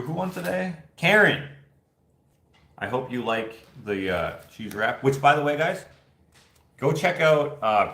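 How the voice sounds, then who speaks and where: A man's voice: medium pitch, roomy sound. A man hosting a casual livestream, telling rambling stories and acting out the voices of the people in them. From Canada. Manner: rambling animated storytelling, acts out voices. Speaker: host. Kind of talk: casual livestream chat, reading viewer comments.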